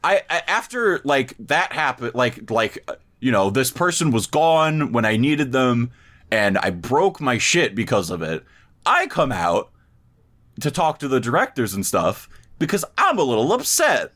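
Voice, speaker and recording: On a podcast, a male co-host tells a long, rambling story in casual chat, swearing freely and often restarting sentences. His mid-range, fairly bright voice swings widely in pitch and runs a little slow.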